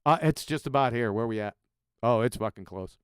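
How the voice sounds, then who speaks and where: A man's voice: mid-range voice, fairly quick, clean tone, no room sound, studio quality. A man hosting a live stream, mocking a clip with profane, sarcastic commentary. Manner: ranting, insulting, sarcastic. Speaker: live stream host reacting to clips.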